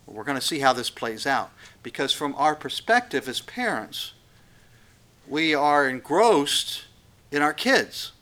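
Male pastor, sermon delivery, earnest and emphatic, bright forceful voice. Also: fairly high pitch, expressive, unhurried. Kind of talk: expository sermon.

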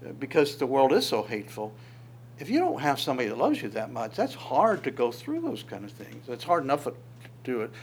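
A man preaching an expository sermon in a conversational, searching way, with quick asides. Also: medium pitch, a little hiss or hum.

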